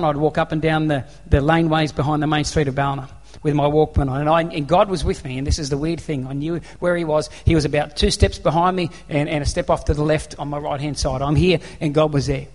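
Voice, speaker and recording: A man's voice: fairly high pitch, fairly even intonation, fast talker, hardly any pauses. A man with an Australian accent preaching a sermon, telling a personal story in an earnest, conversational way. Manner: earnest, conversational, acts out dialogue. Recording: long reverb of a large hall.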